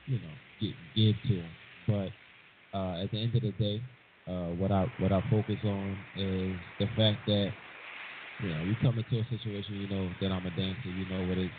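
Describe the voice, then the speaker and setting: A man speaking as a guest on a radio talk show, laid-back and relaxed. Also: low-pitched. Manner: laid-back, hyping up the host. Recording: tinny phone-line sound, hiss.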